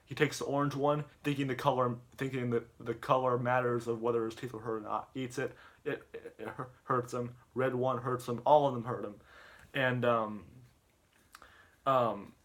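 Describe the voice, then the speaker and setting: A man's voice: mid-range voice, fairly even intonation, moderate pace, a bit bright. A man casually retelling a comedy video, rambling and stumbling over his words. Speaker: YouTuber.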